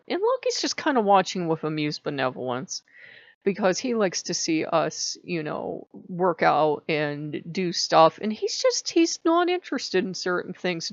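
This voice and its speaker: Animated woman vlogging, dull dry sound. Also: lowish voice, no room sound. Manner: animated, laughs often. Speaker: channel host. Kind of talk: casual vlog chat.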